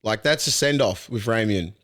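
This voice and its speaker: A man with an Australian accent, a podcast host and former rugby league player, talking sport in a blunt, animated way and swearing freely. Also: lowish voice, normal speed. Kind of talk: casual sports chat.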